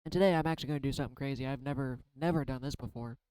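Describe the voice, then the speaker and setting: A man's voice: mid-range voice, very fast, darkish tone, clear, resonant tone, dry recording, low-quality recording. A tired man in his thirties talking casually and candidly in a rambling way, now and then swearing. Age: 30s. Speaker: tarot reader and artist. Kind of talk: casual spiritual vlog.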